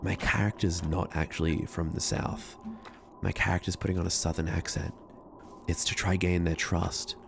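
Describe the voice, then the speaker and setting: A man's voice: sits low, level tone, normal speed, creaky, background noise. A man streaming a game, casually chatting with viewers in chatty, self-mocking asides.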